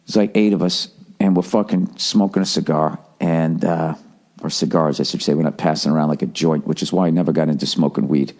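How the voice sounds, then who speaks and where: A man's voice: very deep voice, steady tone, a little fast, a little mellow. A middle-aged American man hosting a podcast, ranting comically with heavy swearing and frequent restarts. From United States. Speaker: podcast host. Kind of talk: comedic podcast rant.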